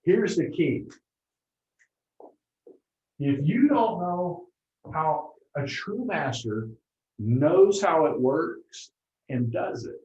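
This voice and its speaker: An animated man gives a motivational seminar talk, often turning to the audience to check that they are following. His voice carries a roomy echo, and the recording sounds dull and lo-fi. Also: fairly high pitch, extremely slow, pauses often. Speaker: motivational speaker.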